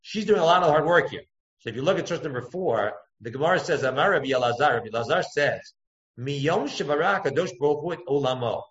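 A man giving a text-study lecture as a Torah teacher, thinking aloud, circling back to points and jumping his pitch up to act out quotes. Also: expressive, quick pace, a bit bright. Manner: thoughtful, digressive, acts out quotes with pitch jumps. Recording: echoey room, dull lo-fi sound.

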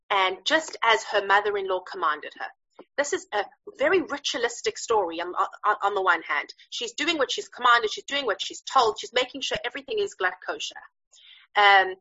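A woman teaching a Bible story in a lively, chatty way, with frequent fillers and searches for words. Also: mid-range voice, husky, lo-fi sound. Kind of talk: animated storytelling lesson.

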